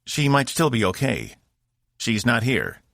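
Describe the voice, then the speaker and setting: A man's voice: mid-range voice, wildly swooping pitch, unhurried, vocal fry, fairly bright tone, no room sound, studio quality, pitched above the performer's own voice, heavily acted. A man doing a curt crew leader. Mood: gentle. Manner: curt, commanding. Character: tired, firm male crew leader. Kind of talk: audiobook narration.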